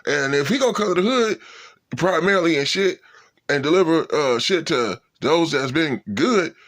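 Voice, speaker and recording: A man's voice: fairly high pitch, animated, normal speed, a bit bright. A man in a casual, profane rant, swearing and sounding incredulous. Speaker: vlogger.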